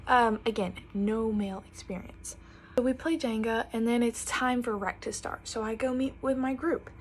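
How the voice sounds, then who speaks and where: A woman's voice: a little high, moderate pace, slight background noise. Chatty young woman telling a storytime. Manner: chatty, animated quoting of others. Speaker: vlogger. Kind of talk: storytime while getting ready.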